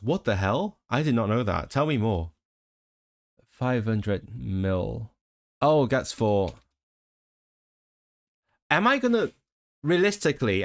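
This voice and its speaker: Casting note: male live streamer, slightly low voice, chatty and rambling, laughs often. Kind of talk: casual live-stream chat.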